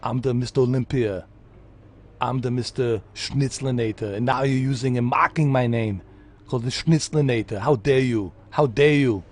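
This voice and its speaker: A man voicing a proud, touchy bodybuilding champion with loud, blustering indignation. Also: medium pitch, normal speed, lightly acted. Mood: outraged.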